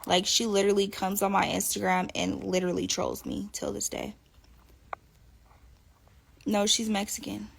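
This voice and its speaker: A young woman telling stories in a casual interview, animated and profane, often laughing. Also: medium pitch, normal speed, vocal fry, pauses often, slightly rough. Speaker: interview guest. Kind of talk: casual storytelling.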